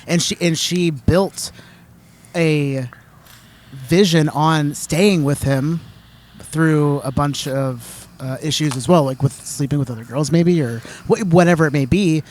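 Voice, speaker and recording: A man with a fairly high voice chats on a podcast. He muses slowly, drawing his thoughts out at length. A faint background noise sits under his voice. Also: a little mellow. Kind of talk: casual chat.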